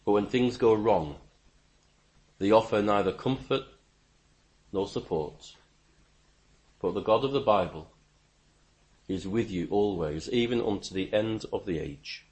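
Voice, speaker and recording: A man preaching a sermon, emphatic, with stammering restarts and sudden rises in pitch and volume. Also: measured pace, long pauses, darkish tone.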